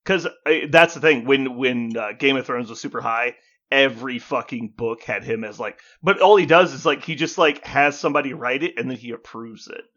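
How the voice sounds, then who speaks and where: A man co-hosting a podcast in casual chat, an animated storyteller who acts out both sides of exchanges, swears freely and laughs as he talks. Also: medium pitch, brisk, muffled recording. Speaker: podcast co-host.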